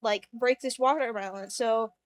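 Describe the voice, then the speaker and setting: Brief: high-pitched woman, podcast co-host, animated dream storyteller who acts out quoted voices. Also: moderate pace, slight background noise. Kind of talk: casual chat, telling a dream.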